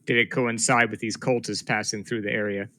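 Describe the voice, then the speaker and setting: D&d player guy, bright voice, wry teasing, dry mic. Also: lowish voice, fairly even intonation, brisk, no echo. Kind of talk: tabletop role-play chat.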